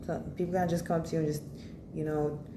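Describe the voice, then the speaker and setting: A woman with a deep voice and flat delivery talks fast while giving a casual spoken tarot reading. She's blunt and rambling, swearing freely and peppering her speech with "you know" and "like." The room is echoey with faint noise.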